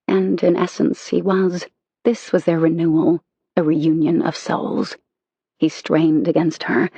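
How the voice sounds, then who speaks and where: Husky, gravelly audiobook narrator. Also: mid-range voice, darkish tone, no room sound. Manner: intimate, measured reading. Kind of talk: scripted romance narration.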